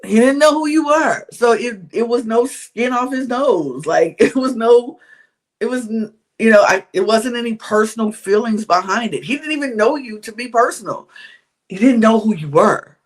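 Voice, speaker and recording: Woman podcast host, higher voice, candid casual recap, sighs and laughs a lot. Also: animated, moderate pace.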